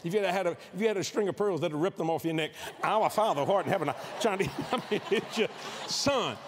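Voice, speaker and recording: A man's voice: high voice, brisk, noisy background. A middle-aged man preaching a humorous sermon on a convention stage, acting out scenes with sound effects. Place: convention stage before a live audience.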